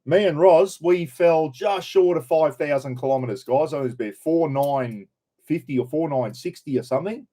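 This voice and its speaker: A man's voice: fairly high pitch, normal speed, mellow. A middle-aged Australian man hosting a casual live stream, chatting loosely, greeting viewers by name and swearing freely.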